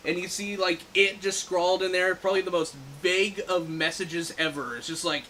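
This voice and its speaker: Bright-voiced man in a casual movie review chat. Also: sits high, fairly quick, few pauses, a little hiss or hum, low-quality recording. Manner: animated, laughs often, acts out quoted lines. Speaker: movie review podcast co-host.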